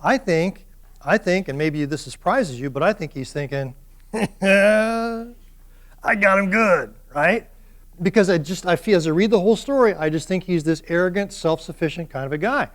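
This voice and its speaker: A male university lecturer giving a classroom lecture in an animated way, putting questions to his students. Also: a little high, a little fast.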